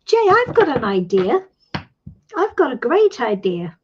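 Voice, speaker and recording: Middle-aged British woman, tarot host; warm, encouraging coaching talk, animated delivery over slightly muffled stream audio. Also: on the high side, unhurried, slight background noise. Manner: warm, reassuring, calls people sweetie. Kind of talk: live-stream coaching chat.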